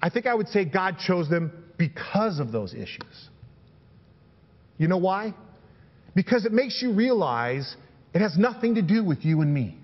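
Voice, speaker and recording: A man's voice: sits high, sing-song, measured pace, pauses often, long reverb tail, highs cut off. A man preaching a sermon as pastor, reading scripture aloud and building emphasis with repeated phrases.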